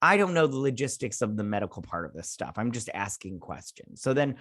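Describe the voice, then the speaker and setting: A man's voice: fairly low pitch, big pitch swings, brisk, fairly bright tone, no room sound, studio quality. A man hosting a casual episode review, rambling with many fillers and restarts. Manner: rambling, filler-heavy, self-interrupting. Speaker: show host.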